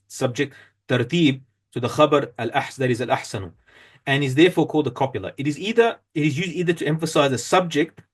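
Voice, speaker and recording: A man teaching an Arabic grammar lesson, reading from a textbook and explaining step by step with frequent fillers and self-corrections. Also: mid-range voice.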